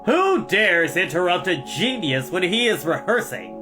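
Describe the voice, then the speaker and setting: A man voicing a pompous, loud adult male vice principal who mocks children, in a storybook reading. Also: lively intonation, unhurried, music in the background. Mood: indignant. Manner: booming, mocking.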